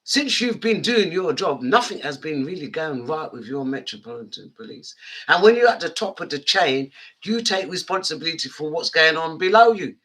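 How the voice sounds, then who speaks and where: A woman's voice: low-pitched, lively intonation, moderate pace, a bit bright, breathy edge. A woman radio DJ, ranting angrily and addressing listeners directly. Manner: angry, indignant, direct address. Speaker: radio DJ and host.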